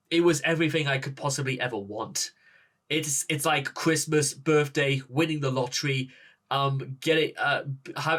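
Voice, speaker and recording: A man with a Northern English accent hosting a music reaction video, gushing and halting, with many restarts and rhetorical questions. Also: on the high side, fairly bright tone. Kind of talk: excited reaction talk to camera.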